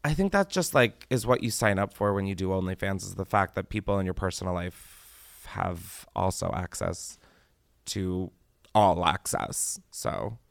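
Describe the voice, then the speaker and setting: A man's voice: deep voice, measured pace, vocal fry, dry recording, clean studio sound. A young man hosting a call-in advice podcast, blunt and self-mocking, swearing freely and slipping into exaggerated mock voices. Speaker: podcast host answering call-in questions. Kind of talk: casual comedic advice chat.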